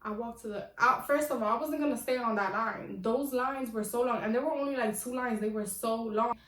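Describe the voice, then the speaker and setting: A woman's voice: on the high side, fairly quick. Chatty young woman telling stories. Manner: animated, chatty, slangy, laughs at herself. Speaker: vlogger. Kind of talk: casual storytelling. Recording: echoey room, voice from a distance.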